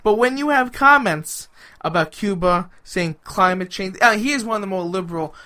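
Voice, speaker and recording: A man's voice: high-pitched, lively intonation, moderate pace, bright, forceful tone. A young adult man co-hosting a political podcast, wisecracking and laughing often. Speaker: podcast co-host. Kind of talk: casual political banter.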